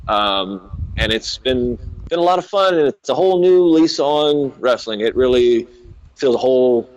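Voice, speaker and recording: A man's voice: medium pitch, expressive, moderate pace, lo-fi sound. A man from the American South with a Southern accent, telling stories as a wrestler guest in a casual interview, rambling with lots of filler words. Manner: rambling, frequent "uh" and "like", quotes others in dialogue.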